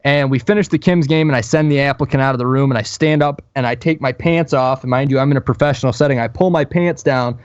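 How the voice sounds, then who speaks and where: A man co-hosting a podcast, telling a profane, animated story in casual chat. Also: medium pitch, fast talker, few pauses, clean tone, dry recording, dull audio. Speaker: podcast co-host.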